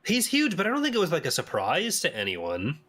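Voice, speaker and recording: A Canadian man hosting a casual podcast chat, animated and laughing often, voice jumping up when he argues a point. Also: a little high, fairly quick. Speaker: podcast host.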